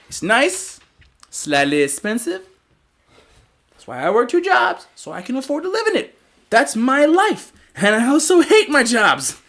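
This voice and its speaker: A man's voice: mid-range voice, a bit bright. A young man hosting a casual livestream podcast, rambling loosely, swearing freely and laughing often. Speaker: podcast host.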